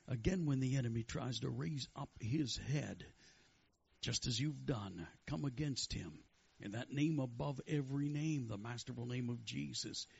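A fervent male preacher with a gravelly, slightly husky voice, chanting praise and calling out to the congregation. The sound is dull and lo-fi. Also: mid-range voice, expressive, normal speed, a little mellow. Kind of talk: sermon with prophetic words.

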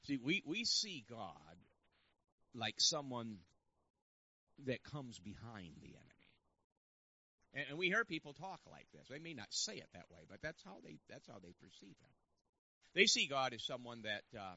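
Gravelly male preacher, bright and lo-fi. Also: medium pitch, very animated, normal speed, long pauses, no echo. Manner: builds from quiet reflection to loud shouted emphasis. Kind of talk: sermon.

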